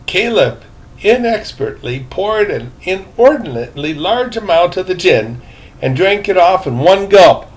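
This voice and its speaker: An older man reading a novel aloud, unhurried, now and then breaking off with asides of his own. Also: high voice, lively intonation. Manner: unhurried, breaks off to chat about his drink. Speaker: reader.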